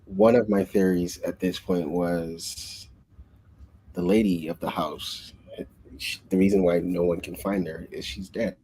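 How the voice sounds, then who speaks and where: Guy with a deep husky voice rambling excitedly about a book plot, casual chat. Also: a little slow, poor audio. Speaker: book club co-host.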